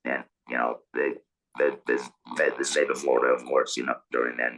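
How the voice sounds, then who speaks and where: A man's voice: extremely low pitch, little pitch movement, a bit bright, rough recording. Man speaking through a buzzing electrolarynx. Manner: halting, many repeated words and restarts. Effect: electrolarynx buzz. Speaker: guest telling his story. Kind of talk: casual interview storytelling.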